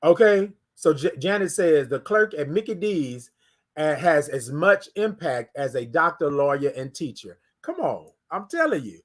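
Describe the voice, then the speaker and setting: Male host, casual morning show, storyteller who acts out quotes, slightly higher voice. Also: very animated, unhurried. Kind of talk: casual morning livestream talk.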